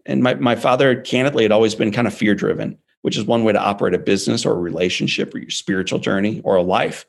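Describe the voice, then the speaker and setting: A man in his forties with a gravelly, fairly low voice, telling a personal story in an interview. He talks in an emphatic, animated way and leans hard on key words. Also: fast. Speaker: guest speaker.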